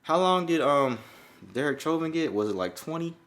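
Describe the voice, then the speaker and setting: A man's voice: a little high, lively intonation, moderate pace, fairly bright tone, a little hiss or hum. An American man co-hosting a casual podcast, talking loosely with lots of ums and uhs. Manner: loose, rambling delivery with many fillers. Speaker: podcast co-host.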